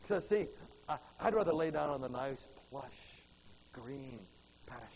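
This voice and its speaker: A man preaching a folksy sermon to his church, swinging from loud to hushed. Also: medium pitch, expressive, measured pace, noisy background. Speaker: pastor.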